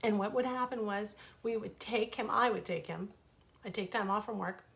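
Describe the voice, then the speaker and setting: A middle-aged author tells a personal story from her home, sounding casual and animated as she rambles through asides and corrects herself. Her voice sits at a medium pitch with some vocal fry, and she speaks at a moderate pace.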